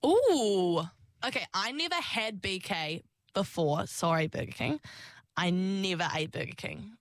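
A woman's voice: mid-range voice, lively intonation, unhurried, no room sound. A young woman, chatting in an interview, laughing often and acting out her own past lines. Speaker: singer and actor, interview guest. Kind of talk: casual interview storytelling.

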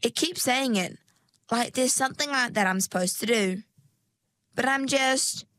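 A woman's voice: a little high, a bit bright, no echo, voice pushed up. Ringlet, a woman voicing a timid young mergirl. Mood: hesitant. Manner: hesitant, halting. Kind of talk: storybook reading.

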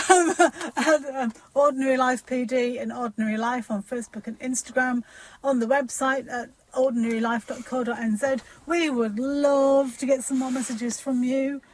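A woman from New Zealand hosts a relaxed podcast conversation, her voice fairly high and a little husky. She talks in a chatty, self-deprecating way. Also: normal speed. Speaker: podcast host. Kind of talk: casual chat.

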